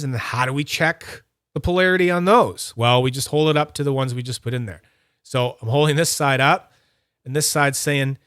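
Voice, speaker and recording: A man's voice: a little high, fairly bright tone, smooth, no echo, studio quality. A man streaming live, chatting casually and talking through each step of a hands-on demo while answering his chat. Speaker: fidget toy streamer.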